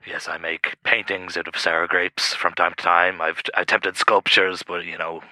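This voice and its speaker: A defensive, stammering man artist who hedges every sentence, played by a man. His voice is very low yet bright and forceful, heard close and dry. He trips over his words whenever he is challenged. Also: little pitch movement, normal speed, no echo. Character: sulky male artist, defensive ex-husband. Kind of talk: improvised comedy call-in.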